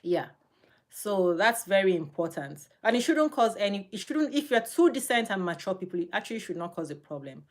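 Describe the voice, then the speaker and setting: A middle-aged woman speaking as an interview guest, talking emphatically and laughing often, with her voice jumping high when she gets animated. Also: fairly quick. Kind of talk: emphatic casual interview talk.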